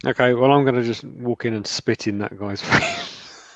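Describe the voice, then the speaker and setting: A man playing a tabletop game, halting and stumbling over his words. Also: medium pitch, steady tone. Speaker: player. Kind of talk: casual tabletop game chat. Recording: dry, dull lo-fi mic.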